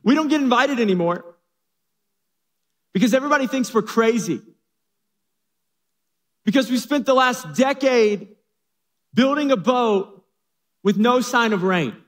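A woman's voice: on the high side, lively intonation, a little slow, pauses often, voice pushed up. A man voicing an exasperated wife of a boat-builder, complaining and incredulous, in an echoey hall.

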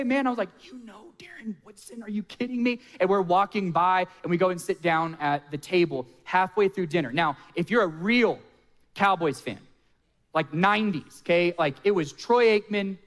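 A male pastor preaching a sermon, telling a self-mocking personal story in an animated way. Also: high-pitched. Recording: long hall reverb.

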